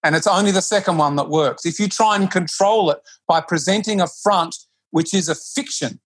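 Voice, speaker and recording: A man's voice: sits high, moderate pace, a bit bright, slightly rough, dry recording. A man, a yoga teacher being interviewed, who talks earnestly and often restarts his sentences. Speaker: yoga teacher, podcast guest. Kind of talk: reflective conversational interview.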